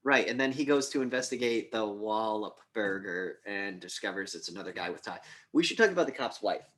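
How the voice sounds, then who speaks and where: Animated man retelling a movie. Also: on the low side, a little fast. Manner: animated retelling, acts out scenes with quoted lines and swearing. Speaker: podcast co-host. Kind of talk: casual movie review chat.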